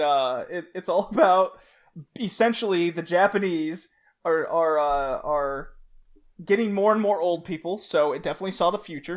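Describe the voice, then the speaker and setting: A man on a podcast, casually recapping an anime plot, laughing often and restarting his sentences. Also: high-pitched. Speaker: podcast host. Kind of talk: casual chat.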